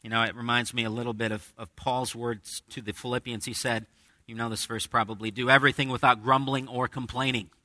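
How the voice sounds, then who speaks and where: A male pastor preaches to his congregation in a conversational way, acting out quoted voices as he teaches. His tone is very bright and ringing. The sound is dry and close. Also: medium pitch, flat delivery, a little fast, dry recording. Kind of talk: sermon. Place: church with a congregation.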